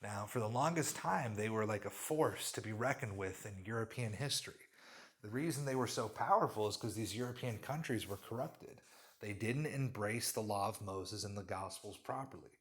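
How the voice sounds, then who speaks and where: A man's voice: fairly low pitch, normal speed. Fervent man preaching in a monologue. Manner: fervent, sweeping claims with sudden loud bursts and quiet asides. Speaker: religious commentator. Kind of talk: impassioned religious monologue.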